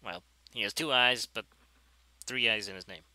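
A man talks loosely over his own gameplay, wandering off on tangents and perking up at the good moments. His voice is very bright and crisp. The sound is dry and close. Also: lowish voice, normal speed, no echo, poor audio. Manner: rambling, self-deprecating, easily excited. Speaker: gameplay video creator. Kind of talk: casual gameplay commentary.

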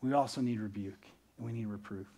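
A man preaching a sermon as pastor, animated, swinging between loud bursts and quiet, earnest stretches. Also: lowish voice, a little fast.

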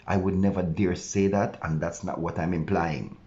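A male pastor delivers an earnest devotional sermon in a very low, deep voice. He preaches with conviction and sometimes voices his listeners' objections to answer them. The recording sounds dull and lo-fi. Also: steady tone, normal speed, dark tone.

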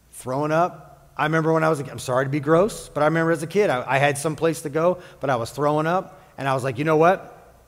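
Male pastor, fairly high voice, lively joking sermon, long church hall reverb. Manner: jokey, animated preaching with playful asides. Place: church sanctuary.

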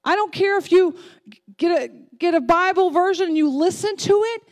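A woman pastor preaching a sermon, emphatic and repetitive, swinging from loud declarations to soft, slow lines. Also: very high voice. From Texas family, Southern upbringing.

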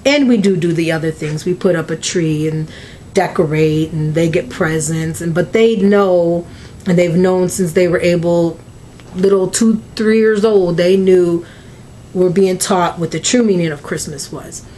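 A woman's voice: fairly low pitch, a little slow, dark tone, slight background noise. A woman, opening mail on a crafting vlog, gushing and emotional, close to tears. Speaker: crafting vlogger.

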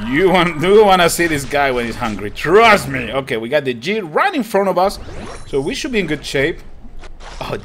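A young man hosting a gaming channel, giving excited let's-play commentary, laughing, exclaiming and repeating himself as he plays. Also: fairly high pitch, noisy background. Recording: game music behind voice.

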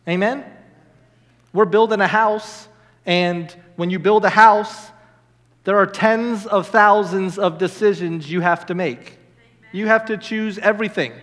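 Excited high-voiced preacher in a reverberant hall. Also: male voice. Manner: lively storytelling with sudden high bursts of excitement. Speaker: minister. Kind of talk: sermon. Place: church hall.

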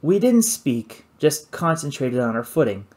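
Expressive man reading an audiobook. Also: fairly high pitch, a little slow. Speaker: audiobook narrator. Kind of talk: first-person audiobook narration.

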